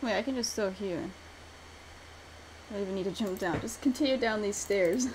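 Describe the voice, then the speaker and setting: A young woman giving let's-play commentary, chatty and talking herself through the route, mumbling some lines quietly to herself. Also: medium pitch, normal speed, a little hiss or hum, rough recording. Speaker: gamer streamer.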